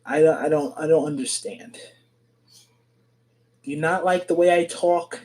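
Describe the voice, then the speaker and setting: A man's voice: a little high, fairly even intonation, unhurried, a little mellow, rough recording. A man with a nasal voice, speaking in a video clip, defensively repeating himself and asking rhetorical questions.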